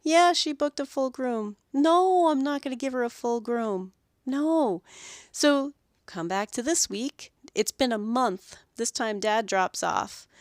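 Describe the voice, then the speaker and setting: A woman hosting a podcast about dog grooming, telling animated stories about her week and acting out the owners and dogs. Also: on the high side, slow pace, no echo, studio quality. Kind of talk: solo podcast monologue.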